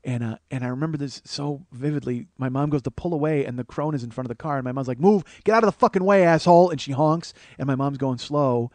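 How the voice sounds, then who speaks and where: A man's voice: medium pitch, fast talker, few pauses, no room sound. Profane man telling a personal story. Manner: profane, conversational, animated quotes. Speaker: podcast host, comedian.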